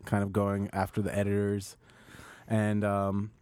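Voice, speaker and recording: A man's voice: lowish voice, monotone, measured pace, a little mellow, smooth, dry recording, studio quality. A man co-hosting a casual podcast chat, reading posts aloud and breaking into laughter, with frequent restarts. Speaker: podcast co-host reading news.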